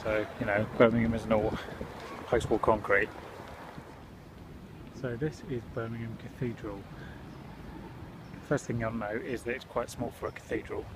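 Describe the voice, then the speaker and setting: A man's voice: medium pitch, steady tone, normal speed, long pauses, noisy background. A young man casually vlogging as he walks, chatty and self-mocking, filmed on a handheld camera. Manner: chatty, self-mocking, walking while filming. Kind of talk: casual vlog commentary. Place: indoors and city streets.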